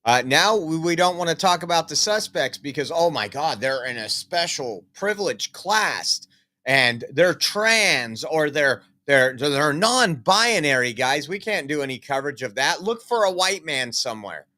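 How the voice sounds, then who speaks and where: A man's voice: on the high side, big pitch swings, measured pace, sharp tone. A man giving casual political news commentary, reading out articles, emphatic and rambling with many fillers.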